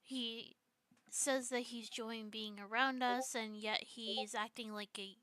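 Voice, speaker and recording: A young woman hosts a casual stream and reads messages aloud, bitter and sarcastic. Her voice sits fairly high and sounds bright and forceful. The sound is dry and close. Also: fairly even intonation, takes it slowly, smooth, dry recording. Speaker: streamer host.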